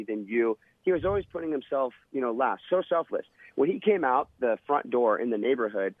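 A man's voice: medium pitch, no room sound. A man, a former Navy SEAL, telling a vivid, dramatic story in an interview. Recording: tinny phone-line sound.

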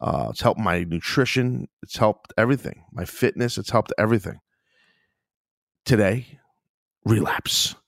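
Agitated low-voiced man hosting a podcast. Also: unhurried, creaky, long pauses, no room sound, clean studio sound. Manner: agitated, frustrated, swears, sighs often. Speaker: podcast host. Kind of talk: casual solo podcast rant.

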